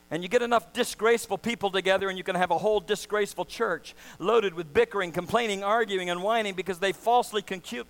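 A middle-aged man preaching a sermon as pastor, full of passion and swinging from loud to hushed. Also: high voice, low-quality recording.

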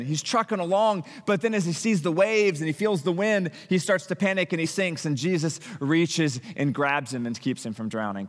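Male pastor, sermon, storytelling delivery, stumbling restarts, slightly high voice, long hall reverb. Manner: animated storytelling with frequent restarts and acted-out quotes.

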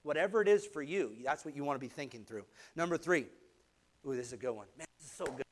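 A man preaching a sermon, energetic and exhorting, asking the congregation for an amen. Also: a little high, fast talker, a little hiss or hum. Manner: energetic, exhorting, call-and-response asides.

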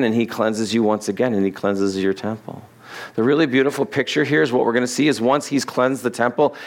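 A middle-aged man, a pastor, preaching an expository sermon in a loose, conversational way, laughing at his own asides and acting out the people in the text. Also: mid-range voice. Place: church sanctuary.

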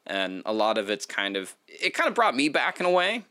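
A man's voice: medium pitch, huge pitch swings, a little fast, sharp tone, smooth, dry recording. A man hosting a podcast interview, asking rambling questions full of fillers. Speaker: podcast host. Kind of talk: casual interview chat.

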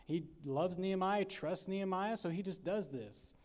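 Folksy chatty pastor. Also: male voice, high voice, moderate pace, darkish tone. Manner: folksy, chatty, full of fillers and acted-out asides. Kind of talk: casual storytelling sermon. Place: church sanctuary.

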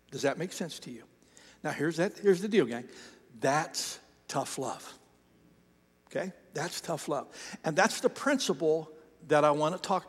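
A husky, fairly high male voice trails off into a long reverb as a pastor in his fifties delivers a sermon in the church sanctuary. He's conversational and pokes fun at himself while recounting an episode from his early days in ministry.

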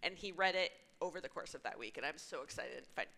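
Bright-voiced woman on a book podcast. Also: sits low, lively intonation, fast talker, vocal fry, low-quality recording. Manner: enthusiastic storyteller. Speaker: podcast panelist. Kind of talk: casual book-club podcast chat.

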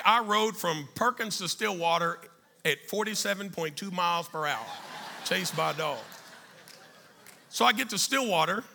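A middle-aged man telling a life story to an audience, animated and then dropping quiet and serious. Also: high voice, vocal fry. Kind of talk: storytelling talk.

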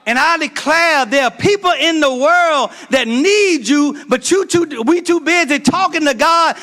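High, bright-voiced preaching pastor. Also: male voice, unhurried, few pauses, a faint crowd. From Georgia, United States. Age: middle-aged. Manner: preaching in call-and-response, building to shouts. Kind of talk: sermon.

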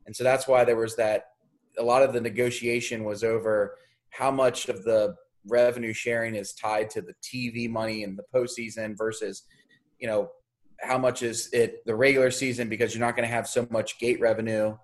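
A man's voice: medium pitch, little pitch movement, moderate pace. A man co-hosting a casual sports talk show, explaining things thoughtfully with some hedging.

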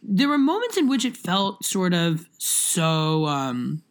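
Rambling, animated woman in casual talk. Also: on the low side, slow. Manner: rambling, with many fillers and restarts. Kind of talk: casual chat.

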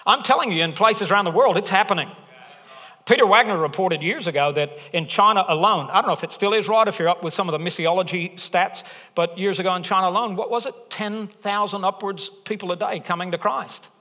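A man's voice: high voice, brisk, sharp tone. A middle-aged man preaching a sermon as pastor, joking and chatty, building to emphatic points. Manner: jokey, conversational preaching with rising emphasis. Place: church auditorium. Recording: long reverb of a large hall.

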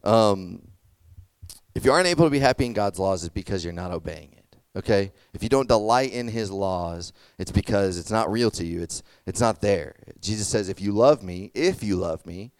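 A man's voice: fairly low pitch, normal speed, darkish tone, clear, resonant tone, no room sound. A young man giving a casual sermon, chatty and full of fillers, checking in with "okay?" and "does that make sense?". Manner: conversational, lots of fillers and "okay?" check-ins. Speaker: youth pastor.

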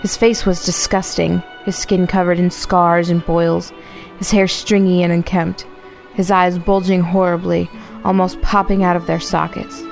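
A woman with a somewhat low voice reads a spooky tale in a storyteller's manner. Soft music plays faintly in the background. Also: little pitch movement, a little slow, creaky. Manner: spooky storyteller turning sarcastic.

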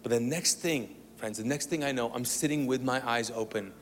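A man telling a personal testimony to an audience, animated and comic as he acts out the dialogue. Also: mid-range voice, a little fast, long reverb tail, a little hiss or hum. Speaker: speaker sharing a testimony.

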